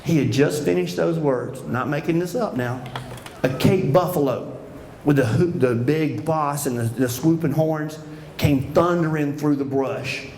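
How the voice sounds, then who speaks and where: A man's voice: a little high, measured pace. A man telling humorous hunting stories as a banquet speaker, acting out the voices of the people in them. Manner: animated Southern-style storyteller, acting out voices. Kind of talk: humorous storytelling speech. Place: banquet hall. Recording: echoey hall, from far off, noisy.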